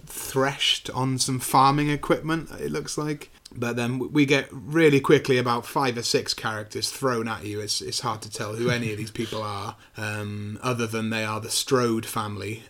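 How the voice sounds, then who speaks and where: A man co-hosting a casual film review podcast, retelling scenes with animated quick impressions. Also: lowish voice. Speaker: podcast co-host.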